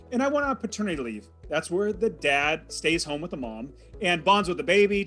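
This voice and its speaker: A man's voice: on the high side, pushed and bright. A man telling a personal story as an interview guest, in a vivid and dramatic way. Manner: vivid, dramatic retelling with acted quotes.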